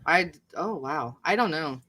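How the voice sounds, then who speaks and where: A woman hosts a casual live stream over video call. Her voice sits a touch low but sounds bright and forward. She reads notes aloud and breaks off to comment and curse casually. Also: expressive, measured pace, rough recording. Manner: chatty, thinks aloud, swears casually. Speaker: host. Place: home video chat.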